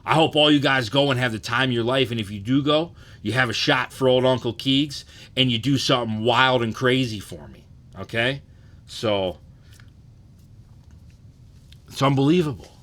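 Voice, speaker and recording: A man in his thirties hosts a casual livestream, loose and profane, frequently asking "you know what I'm saying". His voice is medium-pitched and fairly bright at a moderate pace.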